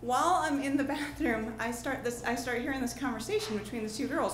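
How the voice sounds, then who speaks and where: A woman in her thirties from New Jersey tells a personal story on a pub stage, chatty and full of fillers and restarts. Her voice sits a little high. The room is echoey, with faint noise behind her. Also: fairly quick, hardly any pauses, a bit bright. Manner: chatty, lots of fillers and restarts, laughing along. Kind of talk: improvised personal storytelling before a live audience.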